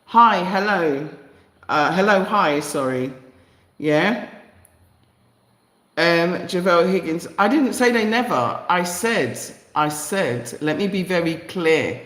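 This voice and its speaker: A woman's voice: lowish voice, animated, slow, a bit bright, reverberant. A woman with a London accent hosting a live stream, speaking passionately and emphatically, repeating phrases for effect and greeting viewers in the chat. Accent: London English. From East London, England. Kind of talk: live stream monologue reading viewer comments.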